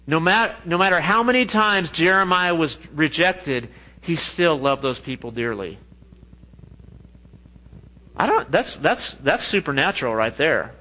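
Man, preacher, sermon, bright tone, joking, animated delivery. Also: fairly high pitch, a little slow, low-quality recording. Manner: animated, jokey, laughs at own asides. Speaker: pastor.

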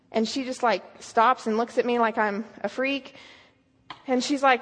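Woman preaching, high voice, earnest, lots of questions, big echoey hall. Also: steady tone, moderate pace. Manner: earnest, storytelling, emphatic questions. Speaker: speaker. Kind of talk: sermon. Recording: long hall reverb.

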